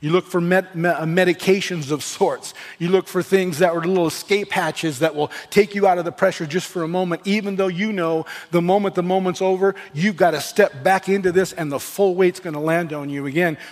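A man's voice: high-pitched, steady tone, fairly quick, hardly any pauses. Earnest male pastor preaching in a hall. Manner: earnest preaching with restarts and rising emphasis. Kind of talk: sermon. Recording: long reverb of a church hall.

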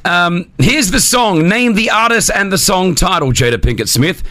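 A man hosting a radio show, energetic and teasing as he runs a game with a guest. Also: high-pitched, moderate pace, dry recording. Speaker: radio host. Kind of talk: radio show chat and interview.

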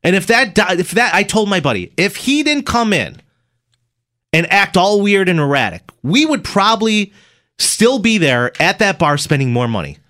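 Male morning show host, casual storyteller, a little high, very dry booth sound. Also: moderate pace, no room sound. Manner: animated, laughing storyteller.

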